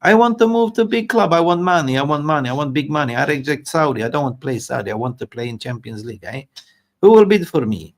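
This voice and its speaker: A man's voice: on the high side, expressive, quick pace, pitched above the performer's own voice. A man impersonating a greedy young male footballer who speaks broken English, demanding big money. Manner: broken English, pleading and boastful.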